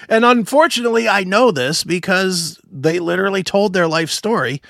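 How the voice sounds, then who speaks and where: A man co-hosting a show, telling a story in casual chat, animated and swearing, acting out other voices. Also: high-pitched, normal speed, gravelly, no echo, studio quality. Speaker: podcast co-host.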